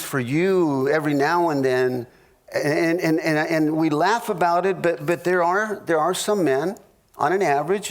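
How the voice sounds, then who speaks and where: High-voiced man preaching with jokes. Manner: storytelling, halting restarts, jokey asides. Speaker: pastor teaching a marriage class. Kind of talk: humorous sermon.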